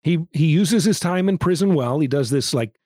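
A man's voice: on the high side, expressive, moderate pace, mellow, no echo. A man co-hosting a podcast, recapping a movie in casual chat with wry, meandering asides and dry jokes. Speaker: podcast co-host.

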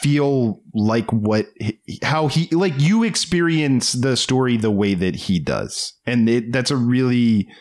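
A man's voice: medium pitch, animated, unhurried, few pauses, a little mellow. A man talking casually about films as a podcast co-host, rambling with many fillers and frequent laughs. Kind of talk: casual film discussion.

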